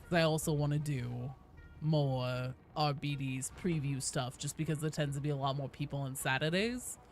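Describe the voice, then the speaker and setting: A young woman streaming a game, chatting casually and greeting viewers with bursts of excitement. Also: sits low, moderate pace, soft background music. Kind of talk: casual gaming stream chat.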